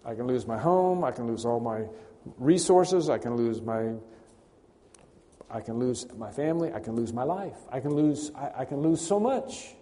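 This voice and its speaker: A man's voice: mid-range voice, animated, normal speed, mellow. A man preaching a sermon, emphatic and building to a raised voice at key points. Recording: long hall reverb.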